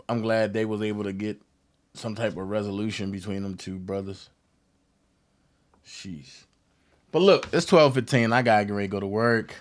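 A man hosting a live stream, chatting casually and easygoing with his viewers. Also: fairly low pitch. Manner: relaxed, easygoing, talks to his audience. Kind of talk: casual chat.

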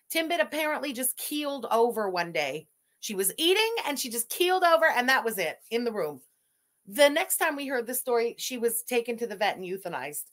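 A blunt woman hosts a livestream with sarcastic commentary. Her voice sits a little higher than most, and her delivery is direct and dry. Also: fairly bright tone. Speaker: livestream host.

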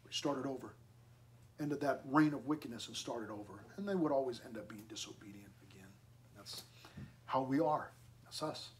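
A male pastor, preaching a sermon in a conversational, animated way with asides to the congregation. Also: mid-range voice, slight background noise.

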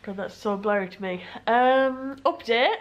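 A woman's voice: on the high side, measured pace, highs cut off. A young woman chatting casually and giggling in a vlog, a little tipsy. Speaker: vlogger. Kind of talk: casual chat. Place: pub, then hotel room.

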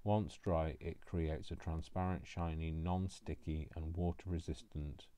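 A man's voice: rumbling low, fairly even intonation, a little slow, mellow, smooth, dry recording. A man talking casually while he crafts, rambling and teasing himself along the way. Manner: rambling, self-mocking asides. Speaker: craft vlogger.

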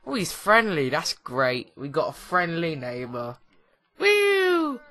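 A man's voice: fairly high pitch, animated, measured pace, sharp tone. A young man giving casual, rambling, jokey commentary while playing a video game. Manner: rambling, jokey, with many restarts. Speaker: let's play host.

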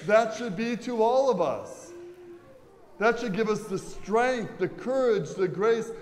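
A man preaching a sermon as a pastor, lively and questioning his congregation. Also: high-pitched, a little slow, a little hiss or hum. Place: large church. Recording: long church reverb, faint ambience.

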